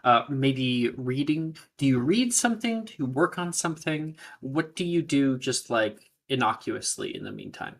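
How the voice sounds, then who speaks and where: A man narrating a tabletop game as game master, unhurried and pausing often with fillers. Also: mid-range voice, lively intonation. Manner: unhurried, with many filler pauses.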